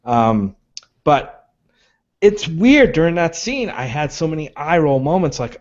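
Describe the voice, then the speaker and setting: A man's voice: a little high, sing-song, a little slow, darkish tone. A man co-hosting a podcast, chatting casually about a movie in a thoughtful, story-minded way with many restarts. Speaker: podcast co-host. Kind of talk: casual movie review chat. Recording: dull lo-fi podcast audio.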